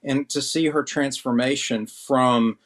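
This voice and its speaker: A man's voice: mid-range voice, fairly even intonation, a little slow. A man co-hosting a casual panel chat, easygoing and jokey. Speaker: co-host.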